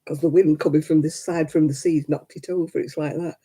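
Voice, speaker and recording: Chatty older woman, husky. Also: deep voice, steady tone, fairly quick, mellow. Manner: chatty, rambling, laughs often, talks to viewers by name. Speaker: livestream host. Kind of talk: casual live-chat crafting stream.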